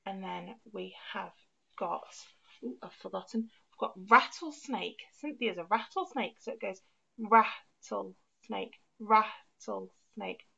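A woman's voice: medium pitch, lively intonation, measured pace, gravelly, bright, forceful tone, breathy edge, dull audio. A woman teaching an online music class for young children, counting beats aloud and encouraging them.

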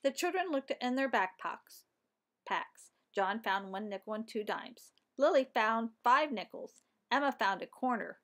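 An older woman reading a children's chapter book aloud as a storyteller, in an animated, expressive way. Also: a little high, a little slow.

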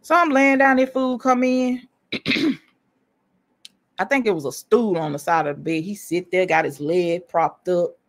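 A woman telling a personal story in an animated, emphatic way, speaking straight to her listeners. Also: on the low side, a little slow, pauses often. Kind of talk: casual storytelling monologue.

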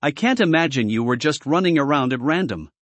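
Man voicing a calm, even-toned teen boy. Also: on the high side, a little fast, dry recording. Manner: even, analytical. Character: calm analytical teenage boy.

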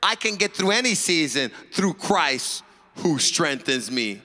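A fervent man preaches with a high, piercing bright voice, calling out praise and driving each point home. His words ring out across a church sanctuary with a long reverb trailing behind them. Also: sing-song. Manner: fervent, shouting praise calls; quick, emphatic retelling in character. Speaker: pastor. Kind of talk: sermon.

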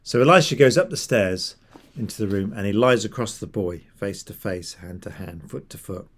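A man preaching a sermon, retelling a Bible story in a lively, conversational way and voicing the characters as he goes. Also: fairly low pitch, normal speed.

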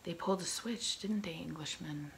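A woman's voice: on the low side, moderate pace, gravelly, slight background noise, low-quality recording. A woman voicing a swaggering, hot-tempered male pirate captain in a gloating whispered role-play. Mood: scornful.

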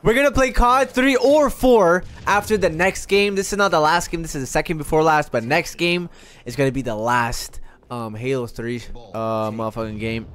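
A man streaming a live video game session, chatting to viewers in an excitable, constantly swearing way. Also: on the high side, moderate pace, clean tone. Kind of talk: casual live gaming commentary.

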